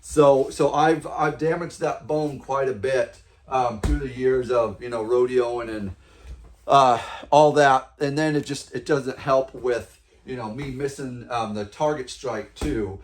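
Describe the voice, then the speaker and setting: A man's voice: medium pitch, unhurried. A man teaching martial arts in a casual, rambling way, a little out of breath, with lots of fillers and restarts. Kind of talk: casual instructional talk.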